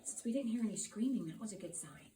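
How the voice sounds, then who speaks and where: A middle-aged woman telling a personal story to a live audience, lively, acting out the people and sounds in it. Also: medium pitch, quick pace, slight background noise. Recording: roomy sound from a distant mic.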